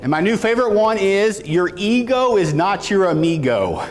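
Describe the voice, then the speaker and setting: A man on stage delivering a motivational keynote, his slightly high voice swinging widely in pitch as he tells a story. He talks to the crowd and asks them to repeat after him. The sound carries a long reverb from a large hall. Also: normal speed. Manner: animated storytelling with audience call-outs. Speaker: keynote speaker.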